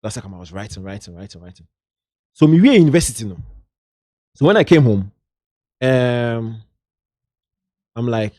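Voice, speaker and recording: Guest, Ghanaian man, middle-aged, anecdotal and lively, dry room sound. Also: fairly low pitch, a little fast, pauses often, no echo. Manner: lively anecdotal, drifts into local slang. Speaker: guest, entertainment journalist. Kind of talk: casual interview storytelling.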